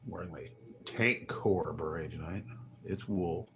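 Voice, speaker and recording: Low gravelly man, grumbling livestream monologue. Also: unhurried, noisy background. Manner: wry, grumbling, muttering asides with chuckles. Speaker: livestreaming vlogger. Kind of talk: rambling casual livestream monologue. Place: hotel.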